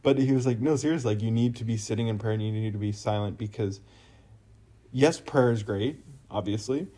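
A young man with a lowish voice co-hosts a relaxed faith conversation. He tells stories in a chatty, animated way, full of fillers and asides. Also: brisk. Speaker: podcast co-host. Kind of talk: casual faith chat.

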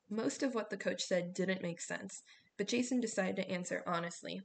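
A woman reading a novel aloud in a steady storytelling voice. Her middle-range voice has a gravelly edge. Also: medium pitch, moderate pace. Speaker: audiobook narrator. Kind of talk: audiobook narration.

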